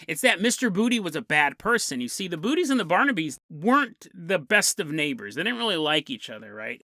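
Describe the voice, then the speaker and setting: Guy hosting a podcast, bouncy lively delivery, bright voice, keeps chuckling at his own jokes. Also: on the high side, a little fast, dry recording, clean studio sound. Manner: chuckles through jokey asides. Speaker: podcast host. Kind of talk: comedic storytelling.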